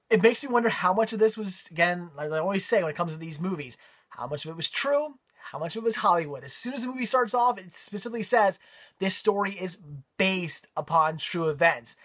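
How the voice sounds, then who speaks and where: A man's voice: sits high, lively intonation, fast, a bit bright. A man giving a casual spoken movie review, rambling with frequent ums and repeated words.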